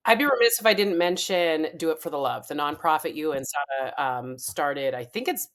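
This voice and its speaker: A woman's voice: deep voice, normal speed. A woman hosting a podcast interview, affirming and encouraging her guest as she asks questions. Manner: warm and affirming, agrees often. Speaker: podcast host. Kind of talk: casual interview.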